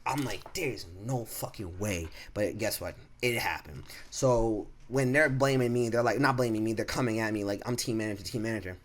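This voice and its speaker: A man's voice: on the low side, a little fast, hardly any pauses. A man in his twenties telling a casual storytime monologue. He swears freely, leans on fillers and restarts, and acts out what people said. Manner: profane, animated, lots of fillers and restarts, acts out quotes. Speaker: vlogger.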